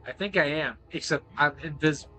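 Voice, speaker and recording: A man giving excitable, joking playthrough commentary, swearing freely as he plays. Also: on the high side, fairly quick, faint music behind. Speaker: gaming video creator.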